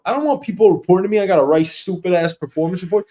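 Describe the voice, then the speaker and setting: A man hosts a loose solo show in a fairly high voice. He rants with plenty of profanity and mocks office habits. He drops into quick impressions of the people he talks about. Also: warm tone. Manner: profane, mocking, acts out coworkers in quoted asides. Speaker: host. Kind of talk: casual ranting monologue.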